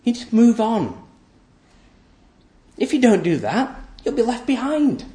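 A man preaching a sermon, emphatic and repetitive, asking rhetorical questions and letting his voice sink low and quiet at the ends of phrases. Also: very animated, unhurried, roomy sound. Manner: voice often drops low and soft at the end of phrases.

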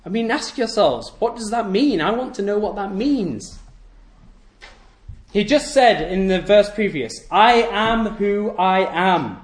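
A man's voice: high-pitched, animated, a little slow. A man preaching a sermon to a congregation, asking rhetorical questions and repeating key phrases for emphasis. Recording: echoey room.

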